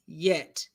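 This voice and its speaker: A woman hosting a casual live stream, chatting and laughing as she answers viewers' comments. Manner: chatty, animated, laughs often, talks back to chat.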